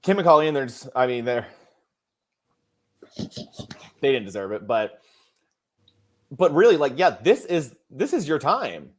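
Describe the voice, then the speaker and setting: A man hosting a casual podcast chat, expressive and emphatic, often laughing. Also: medium pitch, unhurried, pauses often. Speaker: podcast host.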